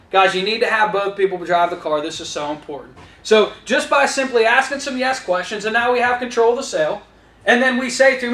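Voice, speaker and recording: Briskly and with lots of energy, a man whose voice is very high and bright coaches a group of salespeople in an echoey room. He talks right to the trainees and acts out his own lines to customers, making the session instructional talk laced with dialogue.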